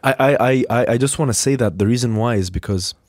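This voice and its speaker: A man's voice: mid-range voice, fast, no room sound, studio quality. A man hosting a podcast, chatting in a playful way with lots of laughs and stammered restarts. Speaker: podcast host. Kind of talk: casual podcast chat.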